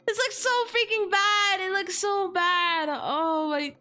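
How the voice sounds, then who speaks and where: A woman's voice: very high-pitched, fairly even intonation, takes it slowly, hardly any pauses, pushed and bright, faint music behind. A woman streamer in casual chat, slangy and exclaiming, heavy on fillers like "like" and "dude".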